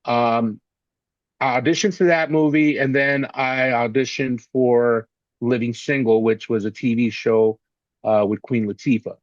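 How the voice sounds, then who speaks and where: A man being interviewed, telling long anecdotes in a casual, animated way and acting out the voices of the people he quotes. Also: mid-range voice, a little slow, dry recording, muffled recording. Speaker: actor and interview guest.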